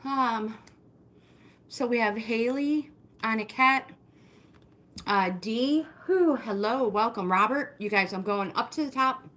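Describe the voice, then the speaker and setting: Slow-talking middle-aged woman coaching a workout. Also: fairly high pitch, fairly bright tone. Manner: chatty and encouraging, calls out viewer names. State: slightly out of breath. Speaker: fitness livestream host. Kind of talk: live walking workout coaching. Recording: roomy indoor echo.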